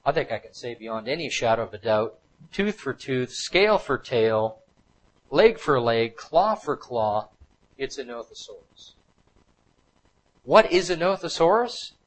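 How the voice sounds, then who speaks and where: A man lectures to a live audience through a series of slides, hammering home each point by repeating it. His voice sits in an ordinary middle pitch, and his delivery is emphatic and insistent. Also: sing-song, a little slow, poor audio.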